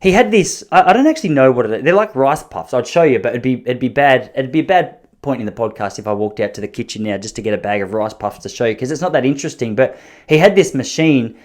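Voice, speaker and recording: An Australian man in his thirties speaks quickly and animatedly at a medium pitch. Hosting a podcast on his own, he tells rambling, self-deprecating stories in a casual, joking way.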